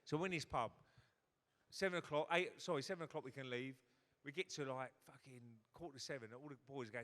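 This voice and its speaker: A man's voice: mid-range voice, fast, a bit bright. A man, telling a swearing anecdote on stage in a hotel ballroom and acting out other people's lines. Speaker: guest former footballer. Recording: long reverb of a big hall.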